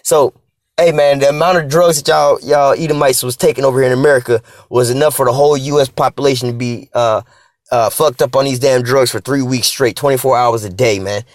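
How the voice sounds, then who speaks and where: Preachy guy ranting on his vlog, curses a lot, says "man" every line, talks real fast. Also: mid-range voice, steady tone, dry recording, clean studio sound. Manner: profane and repetitive, tags lines with "man"; preachy, scripture-quoting. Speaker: vlogger reading articles aloud. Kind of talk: casual spoken rant.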